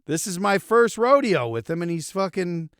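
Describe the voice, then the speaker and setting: Man, podcast co-host, casual chat, higher voice, swings up and down a lot, dry close sound. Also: normal speed, smooth, no echo. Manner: animated, swearing, self-mocking, frequent laughs and restarts.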